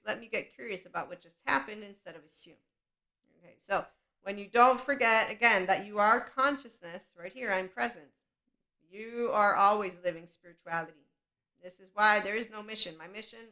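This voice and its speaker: A woman's voice: mid-range voice, pushed and bright. A woman hosting a podcast, talking in a passionate, rambling spiritual monologue and laughing often. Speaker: podcast host.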